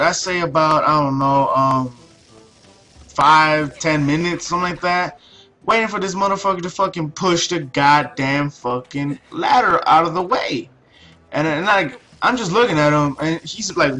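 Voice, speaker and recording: A man's voice: on the high side, normal speed, bright, forceful tone, soft background music. A young man telling a story over gameplay in a casual, profane, ranting way, with many restarts. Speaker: video commentator.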